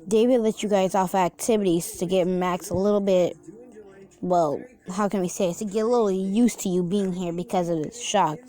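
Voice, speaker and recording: A woman's voice: medium pitch, fairly even intonation, moderate pace, mellow. A young woman casually narrating a reader-insert fan story, unpolished and chatty, with asides to the listener.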